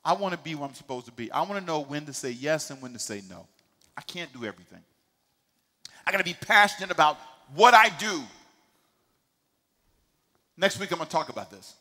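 A middle-aged male pastor preaching a sermon, with emphatic call-and-response delivery that swings from quiet asides to shouting. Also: on the high side, animated, a little fast, long pauses, big-room sound. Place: church sanctuary.

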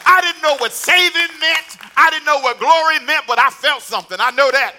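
A man preaching a sermon as a pastor, telling a story with animated repetition and acted-out dialogue. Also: very high-pitched, moderate pace, hardly any pauses.

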